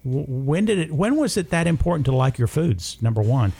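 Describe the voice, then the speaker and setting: A man's voice: a little high, sing-song, fairly quick, vocal fry, warm tone, husky. Chatty man hosting a health show. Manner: opinionated, talks in numbered points. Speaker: health talk show host. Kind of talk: casual chat.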